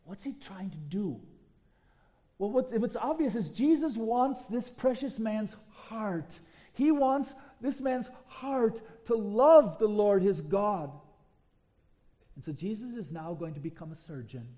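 Animated high-voiced male pastor preaching. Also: slow. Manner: animated storytelling with rhetorical questions. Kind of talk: sermon.

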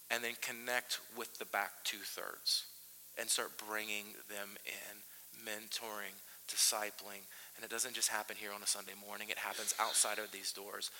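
Bright-voiced pastor in a reverberant hall. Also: male voice, on the low side, a little hiss or hum. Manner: animated storytelling with frequent restarts. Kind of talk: sermon. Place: large church hall. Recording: long reverb of a church hall.

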